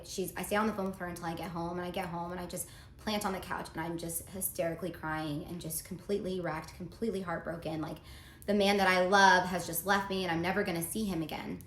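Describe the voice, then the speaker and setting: A woman's voice: fairly low pitch, level tone, quick pace. Lady doing a storytime vid, earnest and confiding, echoey room with faint noise behind. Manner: earnest, reads out text messages, confiding. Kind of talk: casual storytime monologue. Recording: roomy echo, faint background noise.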